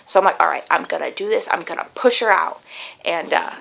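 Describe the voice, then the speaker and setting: A woman's voice: lowish voice, animated, a little fast, vocal fry, a bit bright, rough recording. A young woman telling a long personal story in a casual vlog, chatty and rambling, with many fillers and restarts. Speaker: vlogger.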